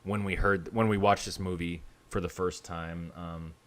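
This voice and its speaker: A man's voice: low voice, steady tone, normal speed. A man co-hosting a podcast, recapping a film plot in casual chat with dry asides. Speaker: podcast co-host. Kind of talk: casual movie review chat.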